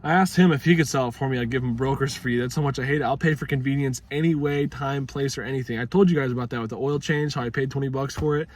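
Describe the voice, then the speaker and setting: A man's voice: medium pitch, fairly even intonation, fast, hardly any pauses. Profane young man rambling in a vlog. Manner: profane, rambling, laid-back. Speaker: vlogger. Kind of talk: casual vlog monologue.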